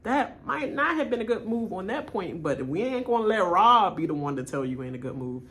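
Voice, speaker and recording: A woman giving a blunt, animated reaction rant, mimicking people as she retells scenes. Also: mid-range voice, fairly quick. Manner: animated, blunt, quotes people in mock voices. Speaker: reaction channel host.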